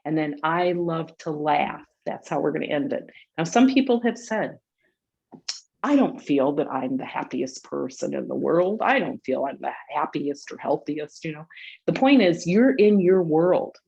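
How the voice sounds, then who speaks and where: Woman, laughter exercise instructor, upbeat, chatty, low-ish voice, dull lo-fi call sound. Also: lively intonation, a little slow, vocal fry, a little mellow, husky. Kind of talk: leading a group laughter exercise over video.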